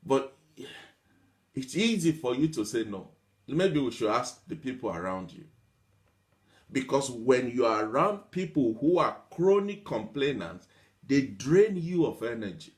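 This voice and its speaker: A man's voice: mid-range voice, very animated, measured pace. A man giving a motivational talk, stacking up long repetitive lists of examples, mimicking whiny complainers and laughing lightly between points. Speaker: motivational speaker.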